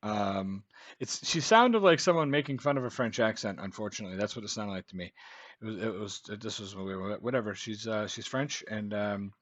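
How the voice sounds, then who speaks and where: A man's voice: on the low side, normal speed, a bit bright, dry recording. A man with an American accent hosting a reaction video, making sarcastic, profane comments.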